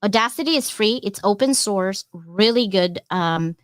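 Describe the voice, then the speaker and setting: A woman hosting a casual panel chat, rambling with many asides and acting out quoted dialogue in lively bursts. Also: medium pitch, a little slow, dry recording.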